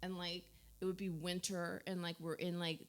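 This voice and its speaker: This New Jersey radio host, a woman in her thirties, keeps her studio chat show casual, with lots of "like" and frequent laughter. She speaks on the low side at a moderate pace with a level tone.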